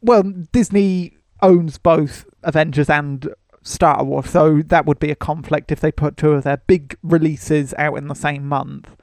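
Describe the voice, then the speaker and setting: A man's voice: a little high, fairly even intonation, a little slow, gravelly, hardly any pauses, darkish tone, dry recording, studio quality. A man hosting a casual podcast about films, rambling with frequent laughs and restarts. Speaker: podcast host. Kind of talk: casual film-review chat.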